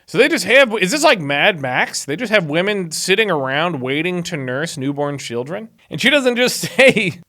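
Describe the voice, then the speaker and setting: Dude reading the bible and joking around, bright voice, pitch all over the place. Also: male voice, sing-song, moderate pace, few pauses. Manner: sarcastic, quips between verses. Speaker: YouTuber reading the Bible aloud. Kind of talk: casual reading with commentary.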